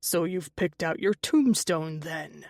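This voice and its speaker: A woman's voice: lively intonation, takes it slowly, no room sound, clean studio sound, heavily acted. A woman reading the part of a brooding young male shapeshifter commander who snaps and growls, in an audiobook. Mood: irritated. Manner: gruff, snapping, growled low.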